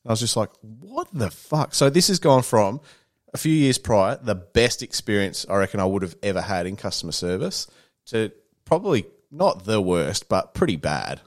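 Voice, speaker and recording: A man's voice: on the low side, sing-song, normal speed. An Australian man in casual podcast chat, swearing freely and acting out the people he quotes. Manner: swears often, acts out quoted dialogue.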